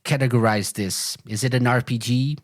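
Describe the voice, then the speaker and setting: A man's voice: mid-range voice, fairly even intonation, moderate pace, no room sound. A man speaking as a podcast guest in casual chat, hesitant, with fillers and repeated words.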